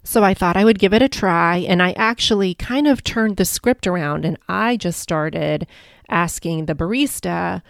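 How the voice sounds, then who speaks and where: A woman's voice: lowish voice, moderate pace, creaky, no echo, clean studio sound. A woman hosting her own podcast as a life coach, telling stories in a chatty, upbeat way. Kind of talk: casual solo podcast monologue.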